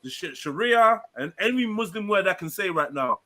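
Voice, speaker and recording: A man with a high, bright voice keeps up casual live-stream banter on an online panel, teasing and cracking jokes as he goes. he swears freely and keeps the chat loose. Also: lively intonation, normal speed, a little hiss or hum. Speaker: panel host.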